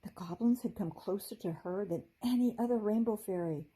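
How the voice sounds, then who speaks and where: A woman teacher reading a children's chapter book aloud in a gentle, expressive storytelling manner. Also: mid-range voice, a little fast, breathy edge, rough recording.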